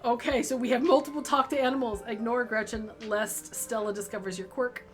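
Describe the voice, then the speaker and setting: Woman streamer, excitable and chatty, fairly high voice, live game commentary. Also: faint music behind. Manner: excitable, chatty, quick to laugh. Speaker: streamer reading a visual novel.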